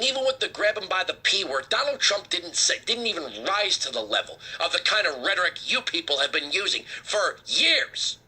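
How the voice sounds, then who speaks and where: A man hosting a political talk show, delivering a heated, sarcastic commentary rant with a husky edge. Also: very high-pitched, bright, forceful tone.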